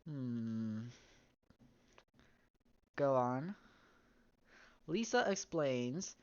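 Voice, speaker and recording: Low-voiced woman reading a story game aloud. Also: animated, normal speed, dull audio. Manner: reads text aloud, breaks off into wry comments and laughs. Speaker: game streamer.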